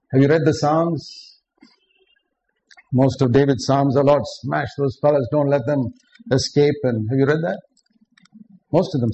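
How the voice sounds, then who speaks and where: Male preacher, gravelly, earnest and direct, faint noise behind. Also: mid-range voice, dark tone. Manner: earnest, direct, addresses listeners with questions. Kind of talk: sermon. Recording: dull lo-fi recording with faint background noise.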